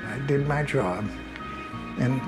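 An older man, a former airline agent, tells a personal story in a halting way and acts out the lines of the people he dealt with. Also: mid-range voice, over loud music, rough recording. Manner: halting storytelling, acting out past dialogue. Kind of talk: personal recollection.

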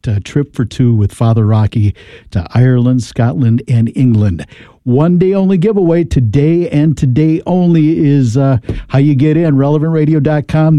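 An American man hosts a radio pledge drive in an easygoing, rambling way, stumbling over words as he reminisces. His voice is deep in tone colour and very mellow. The studio sound is dry and close. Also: no echo. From United States. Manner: enthusiastic, rambling with fillers. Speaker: radio host.

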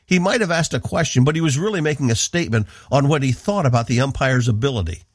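A man from the northeastern United States, hosting a radio program with earnest, measured devotional Bible teaching. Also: medium pitch, slightly rough, dry recording, studio quality.

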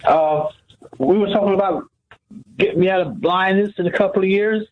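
A man's voice: high-pitched, a little hiss or hum. Hesitant male caller on a dull line. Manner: halting, repeats words, hesitant. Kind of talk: phone-in call.

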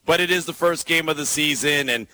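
A man hosts a sports radio show, talking energetically with quick rhetorical asides. His voice is a touch high and bright-toned. The delivery stays loose and conversational. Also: poor audio. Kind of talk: casual sports radio banter.

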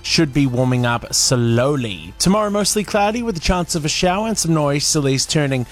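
A New man hosts a breakfast radio show in a slightly high, lively voice. He chats playfully and pokes fun at himself. Faint music plays under him in the studio. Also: a little fast. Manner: chatty, playful, self-mocking. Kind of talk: casual radio chat.

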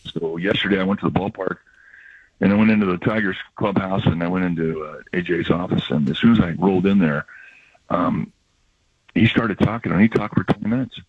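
An older male baseball broadcaster chatting on the radio, reflective and rambling, with a husky voice. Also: deep voice, fairly quick, no room sound. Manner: reflective, rambling storyteller with laughs. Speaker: baseball broadcaster, regular guest. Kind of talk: emotional casual radio chat. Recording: dull lo-fi radio audio.

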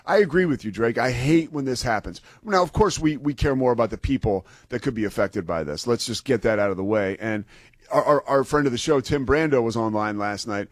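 A man's voice: medium pitch, brisk, no room sound. A man co-hosting sports radio, talking in an easygoing, rambling way with self-deprecating jokes. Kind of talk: casual sports talk.

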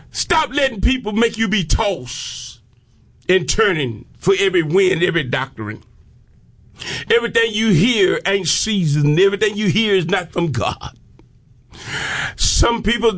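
A man. He talks slowly and deliberately, drawing out his phrases, then climbs into shouted peaks. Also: sits high, lively intonation. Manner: fervent, rhythmic preaching with shouted peaks and drawn-out phrases. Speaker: preacher. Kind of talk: sermon.

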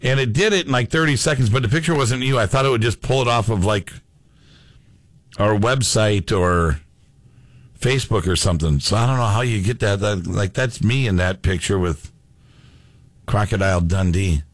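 A man's voice: fairly low pitch, normal speed, no room sound. A man co-hosting a sports radio show, chatting casually and reading listener messages aloud.

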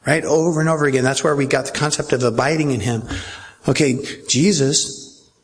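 A man's voice: medium pitch, fairly even intonation, fairly quick, breathy edge. A man preaching a verse-by-verse sermon as pastor, in a conversational way that keeps checking in with his listeners.

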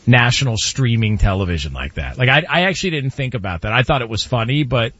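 A man's voice: medium pitch, very animated, fast, husky, no echo, highs cut off. A man hosting a sports radio show, telling funny stories with lots of laughter. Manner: laughing storyteller, shouts when imitating. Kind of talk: casual sports talk.

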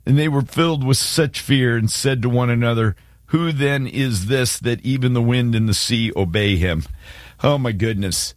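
A man's voice: medium pitch, normal speed, dry recording, clean studio sound. A man hosting a casual faith discussion, retelling a Bible story and acting out its quotes. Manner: animated, acts out scripture quotes.

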